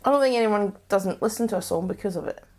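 A woman's voice: medium pitch, fast, darkish tone. A woman co-hosting a podcast in casual chat, blunt and sarcastic, laughing often. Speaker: podcast co-host.

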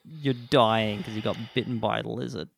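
A man's voice: lowish voice, fairly even intonation, moderate pace, gravelly, a little hiss or hum. A man co-hosting a comedy podcast, easygoing and self-deprecating. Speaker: podcast co-host. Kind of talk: casual comedy chat.

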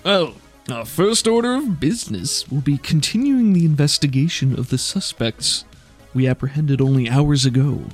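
A man's voice: a little high, lively intonation, moderate pace, faint music behind. A man voicing a pompous male squad leader who speaks in a lofty, self-satisfied way. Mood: pleased.

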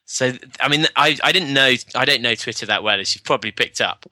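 A man's voice: mid-range voice, fairly quick, pushed and bright, no room sound. A man from southern England with a southern English accent, co-hosting a podcast in casual chat, joking and laughing often. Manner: laughs often, jokey, puts on silly voices. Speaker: podcast co-host.

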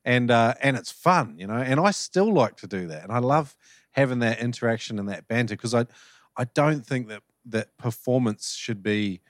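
A man talking casually as a podcast guest, relaxed and hesitant with lots of fillers. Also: medium pitch, normal speed, dry recording, studio quality. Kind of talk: casual conversation.

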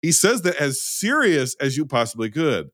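A man talks movies in relaxed podcast banter, emphatic and quick to make his point. His pitch swings widely as he gets into it. The sound is dry and close, with no room echo. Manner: animated, emphatic, swears casually. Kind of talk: casual film discussion.

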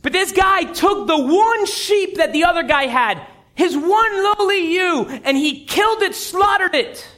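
A man's voice: extremely high pitch, animated, a little slow, bright, forceful tone, voice pushed up, heavily acted. A man voicing a prophet who tells a pressing, dramatic parable. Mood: earnest.

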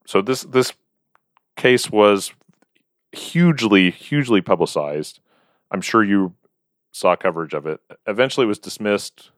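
Reading a long roster of listener names with wry humor, a male podcast co-host keeps the chat casual. He speaks in a low voice with lively intonation at a measured pace, pausing often, and the studio sound is clean with no echo.

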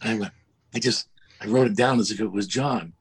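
An older man, a guest on a video call, telling animated stories and mimicking the voices of people in them. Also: fairly low pitch, a little fast, husky. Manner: animated storyteller, mimics voices, laughs at himself. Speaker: guest, music producer. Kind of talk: casual storytelling interview.

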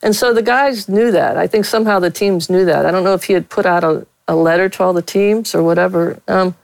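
A woman's voice: on the low side, brisk, vocal fry, dry recording, low-quality recording. A middle-aged woman from Pittsburgh, a veteran sportswriter, telling frank stories with a blunt, candid manner as an interview guest.

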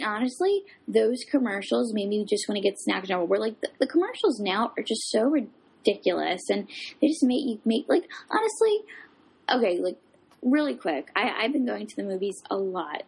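A woman co-hosting a casual chat, rambling through stories with lots of fillers and animated asides. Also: a little high, normal speed, gravelly, slightly rough.

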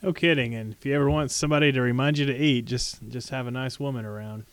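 A man's voice: medium pitch, fairly even intonation, quick pace. A man, co-hosting a casual chat with dry, wisecracking interjections.

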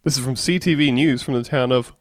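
A man's voice: medium pitch, a little fast, no room sound. A man co-hosting a comedy podcast, reading out news stories wryly and laughing between them. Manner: wry, laughing, reads news stories in a dry voice. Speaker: podcast co-host. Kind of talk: casual comedic chat, reading news aloud.

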